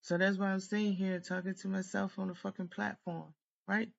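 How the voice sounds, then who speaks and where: Woman tarot reader, mid-pitched, ranting hot and profane to camera, dull lo-fi sound. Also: level tone, a little fast, creaky. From United States. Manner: heated, profane, rambling rant. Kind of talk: venting monologue to camera.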